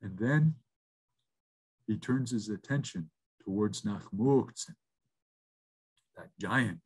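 A man from Canada telling a traditional story over a video call, rhythmic with repeated phrases and slow pauses. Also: fairly low pitch, breathy edge.

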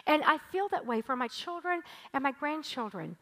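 A woman in her sixties delivers a church sermon with a high, bright voice. She reads scripture steadily, then preaches with animated, emphatic intensity. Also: moderate pace, hardly any pauses, poor audio. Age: 60s. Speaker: pastor. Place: church stage.

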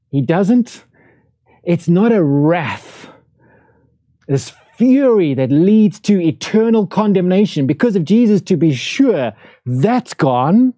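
A man preaches a streamed sermon from a church room in a very dark, mellow voice. He talks to the congregation conversationally and keeps asking them rhetorical questions. The sound is close and dry. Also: fairly high pitch, no room sound. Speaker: pastor. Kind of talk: livestreamed sermon. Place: church room, during lockdown.

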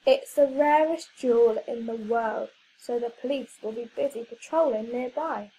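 A woman voicing a calm, kindly male school head in a children's story. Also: on the high side, a little hiss or hum, lightly acted, poor audio. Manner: calm and measured.

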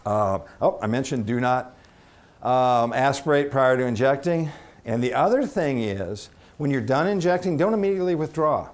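A man giving a conference lecture as a veterinarian, chatty and halting with restarts, quizzing the audience. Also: medium pitch, lively intonation. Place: conference room.

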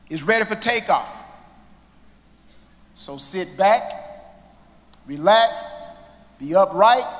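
A man giving an inspirational commencement speech, slow and dramatic, with long pauses and sudden hushed moments. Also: high-pitched. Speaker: commencement speaker. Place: large indoor hall. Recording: long reverb of a large hall.

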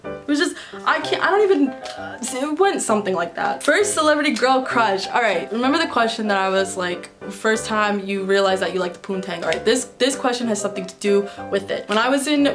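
Her voice fairly high and fairly quick, the New York vlogger chats frankly through a Q&A with her viewers. She swears freely while telling stories, and music plays behind her.

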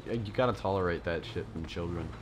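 A man's voice: low voice, fast, a little hiss or hum. A man hosting a let's play, joking crudely through casual gaming commentary. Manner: joking, laughs often, crude. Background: game music.

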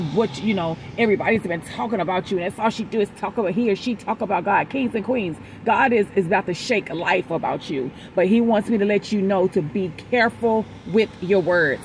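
Woman channel preacher, conversational, repeats her points, mid-pitched voice. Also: a little hiss or hum, poor audio. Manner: conversational, storytelling, repeats exhortations. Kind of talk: casual spoken devotional message.

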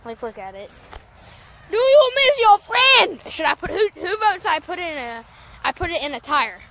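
Young woman rambling on a farm vlog, high voice, lots of "like", noisy outdoors. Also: sing-song, a little fast, sharp tone. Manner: rambling, giggly, lots of "like" fillers. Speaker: farm vlogger. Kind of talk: casual vlog.

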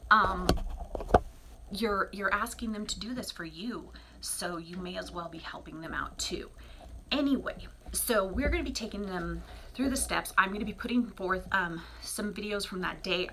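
A middle-aged woman chats through a home video about her cats, rambling from one thought to the next with plenty of fillers. Her voice sits a little low yet comes across bright and forceful. She is recorded in a small bathroom with a faint hiss underneath. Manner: chatty, rambling, many fillers; drops to a soft whisper near the kittens. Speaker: cat breeder. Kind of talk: casual vlog talk.

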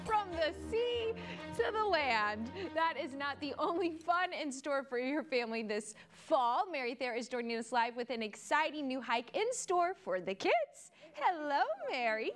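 A woman co-hosting a morning TV show speaks in a high, bouncy voice. Music plays clearly under her. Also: sing-song, measured pace. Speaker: TV show co-host.

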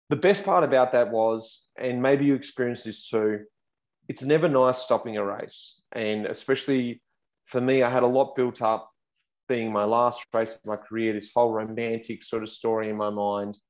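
A low-voiced man in his thirties tells a story on a podcast in a casual, chatty way. He acts out what people said with bursts of raised, excited voices. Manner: animated, acts out quotes in raised voice. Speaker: podcast guest, pro cyclist.

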